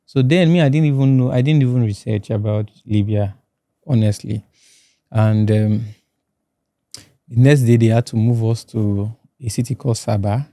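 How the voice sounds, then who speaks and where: A man from Nigeria with a Nigerian accent, telling his own story as a podcast guest in a halting way, often repeating words. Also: medium pitch, mellow, no room sound, studio quality. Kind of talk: personal testimony in a podcast interview. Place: podcast studio.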